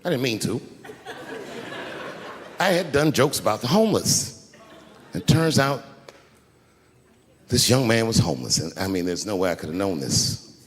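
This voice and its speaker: A man doing a stand-up comedy routine, telling his story in a lively way that swings from hushed asides to shouted punchlines. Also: fairly low pitch, moderate pace, pauses often. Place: large theater stage before a live audience. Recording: roomy hall with loud crowd noise.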